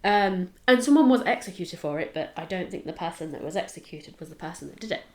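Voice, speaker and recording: A woman co-hosting a podcast talks fast and animatedly in a fairly low, darkish voice. She presents a history case in rambling, casual chat, full of fillers and self-corrections.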